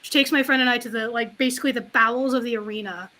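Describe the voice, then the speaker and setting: A woman chatting casually on a livestreamed talk show, telling a long story in an animated, frank, rambling way. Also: fairly high pitch, fast talker. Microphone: livestream call mic.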